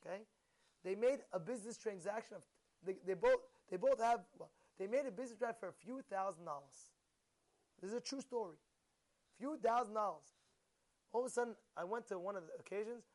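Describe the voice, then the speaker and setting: A man's voice: high voice, a little fast, a little mellow. A man speaking as a rabbi, delivering a sermon full of rhetorical questions and storytelling to his audience.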